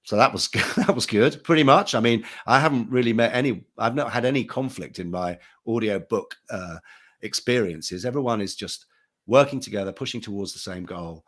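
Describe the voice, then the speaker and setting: A man's voice: lowish voice, moderate pace, a bit bright. A man, an actor and audiobook narrator speaking casually and anecdotally on a panel. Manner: conversational, anecdotal, with many restarts.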